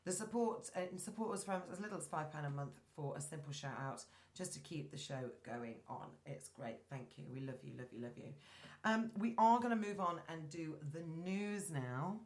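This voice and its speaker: A woman's voice: low-pitched, expressive, moderate pace, darkish tone. A woman hosting a chat show, chatting casually and reading news stories aloud, stumbling over names. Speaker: host. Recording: roomy echoey room.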